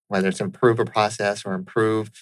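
A man's voice: on the low side, flat delivery, a little fast, clean tone, dry recording, rough recording. A man hosting a conversational interview, earnest and affirming, often checking in with "right?". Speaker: interviewer host.

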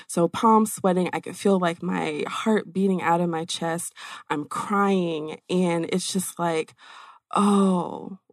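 A middle-aged woman telling her own story in casual conversation, animated and acting out quoted exchanges with lots of "like". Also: fairly low pitch, takes it slowly, no room sound, clean studio sound.

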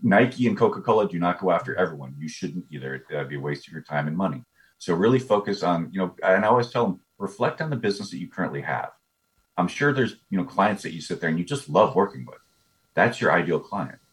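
A man's voice: deep voice, expressive, fast. A man talking as a business coach guest in a casual interview, eager and often repeating his first words. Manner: eager, repeats words when starting a thought.

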